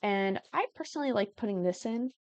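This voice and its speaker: Building in the game, a young Sims tutorial creator chats casually, interrupting herself mid-thought and giggling. Her mid-range voice is animated and fairly quick, and the recording is dry with dull audio.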